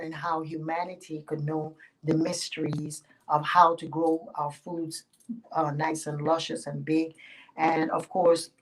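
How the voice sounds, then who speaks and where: Animated woman telling a folk tale. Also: deep voice, poor audio. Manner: animated, playful, giggles. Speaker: spiritual teacher. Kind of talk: oral storytelling.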